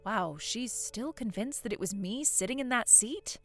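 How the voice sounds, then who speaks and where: A woman voicing a calm, put-upon daughter-in-law in a voiced story drama, patient but exasperated. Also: fairly high pitch, normal speed, dry recording, soft background music.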